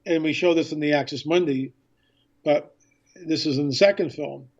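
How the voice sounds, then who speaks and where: An excited author and filmmaker tells a story as a guest on radio, acting out conversations from the past. He has a fairly high voice at a moderate pace, and the audio sounds dull.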